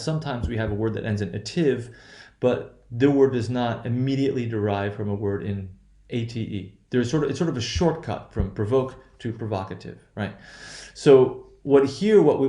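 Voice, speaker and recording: Halting man teaching in an echoey room. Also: mid-range voice, dark tone. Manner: halting, self-correcting, many fillers and "right?" checks. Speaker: English pronunciation teacher. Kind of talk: recorded lecture.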